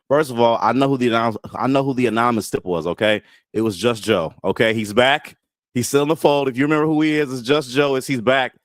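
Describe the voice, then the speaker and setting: Male co-host, animated and joking, casual wrestling banter. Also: mid-range voice, fast talker, no echo.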